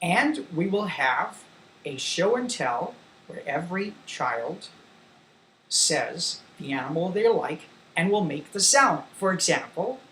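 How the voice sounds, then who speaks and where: A woman teaching a demo English lesson for young children, singing slowly and giving simple classroom instructions. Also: lowish voice, a bit bright, roomy sound, a little hiss or hum.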